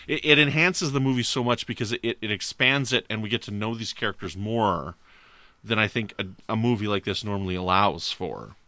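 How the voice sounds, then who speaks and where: A man with a bright, forceful, fairly low voice talks eagerly about films in a casual podcast chat. He leans on filler phrases as he goes. The sound is dry. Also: fairly quick, no echo. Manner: enthusiastic, with many filler phrases. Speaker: podcast co-host. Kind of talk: casual film discussion.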